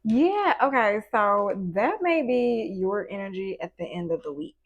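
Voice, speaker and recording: A woman's voice: mid-range voice, lively intonation, measured pace, highs cut off. Chatty playful woman tarot reader. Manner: chatty and playful, with slang and asides to spirit; acts out little quoted voices in between. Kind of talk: casual tarot reading.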